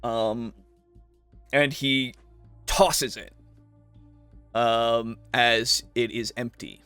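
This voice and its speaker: A man narrating a tabletop role-playing game as game master, slow and halting with many pauses and fillers. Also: medium pitch, fairly even intonation, sharp tone, clean tone, dry recording, faint music behind.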